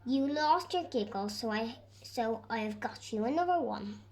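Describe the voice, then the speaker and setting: A woman's voice: fairly high pitch, lively intonation, unhurried. A woman voicing a cheerful, helpful storybook man who chuckles gleefully.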